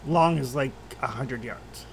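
A man's voice: mid-range voice, measured pace, vocal fry. A man running a tabletop game as game master, narrating actions casually with many fillers.

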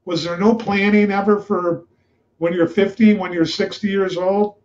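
A man with a fairly high voice tells blunt, profane stories in a loose, animated way. His voice is captured in dull, lo-fi webinar audio. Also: normal speed. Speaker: webinar host, trader. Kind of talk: casual storytelling.

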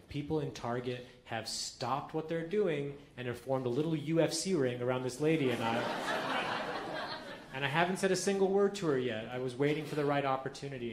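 A man doing stand-up storytelling on a club stage, with a dry deadpan delivery. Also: mid-range voice. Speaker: stand-up comedian. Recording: echoey club with faint crowd noise.

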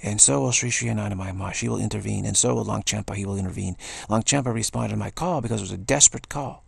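A man's voice: lowish voice, fast talker, creaky, slightly rough, dry recording. A man giving an earnest spiritual talk, repeating key phrases and restarting sentences as he goes. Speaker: spiritual speaker.

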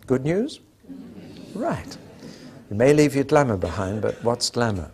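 A man's voice: mid-range voice, sing-song, unhurried, a little mellow, slight background noise. An older man preaching a sermon, telling anecdotes with dry humour and acting out the dialogue.

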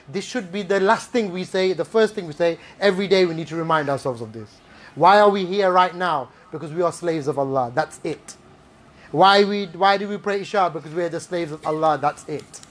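A man giving an Islamic talk to a live audience, animated and playful, full of rhetorical questions and asides. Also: high-pitched. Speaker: preacher.

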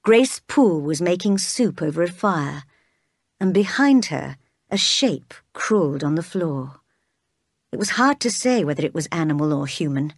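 A woman narrating a storybook read-aloud in a steady, clear way. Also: on the low side, no room sound, clean studio sound.

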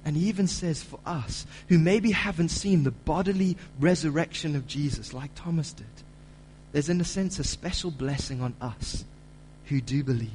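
A man preaching a sermon as pastor, building to loud, emphatic delivery when he reads scripture. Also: fairly high pitch, moderate pace, slight background noise, low-quality recording. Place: church auditorium.

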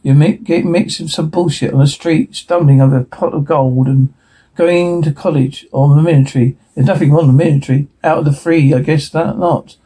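A man reading a TV episode transcript aloud in a hurried way, stumbling and restarting words now and then. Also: a little high, fairly even intonation, mellow, husky, rough recording. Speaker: reader.

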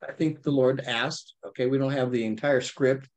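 A man leading a casual Bible study, reading verses aloud and explaining them with lively, animated asides. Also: medium pitch, normal speed. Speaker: Bible teacher. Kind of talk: conversational Bible study teaching.

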